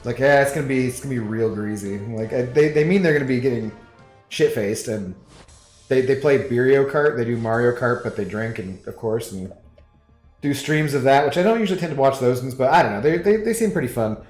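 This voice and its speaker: A man chatting casually to viewers during a game stream, rambling from one thing to the next and laughing often. His voice sits at an ordinary middle pitch. It rings a little in a roomy space, with faint music under it. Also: lively intonation, brisk, a little mellow. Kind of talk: casual stream chat while gaming.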